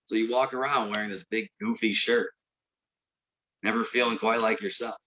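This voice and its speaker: A man performing a stand-up comedy set, telling a long deadpan story and mock-cheering the crowd in sudden high bursts. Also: moderate pace, poor audio. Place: live venue with audience.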